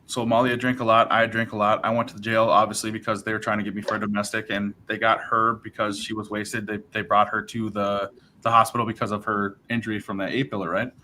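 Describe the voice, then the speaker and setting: Talking quickly in a lowish voice over slight background noise, a man on a live stream recounts his sobriety in a rambling, animated style. He acts out the dialogue and sprinkles in "right?" and "bro" as he goes.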